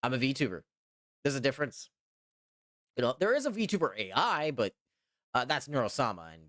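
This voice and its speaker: A man's voice: mid-range voice, sing-song, normal speed, pauses often, fairly bright tone, dry recording, studio quality. A young man from Canada streaming as a VTuber, chatting casually with viewers and rambling with lots of "you know" and "trust me". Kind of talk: casual live-stream chat reading viewer comments.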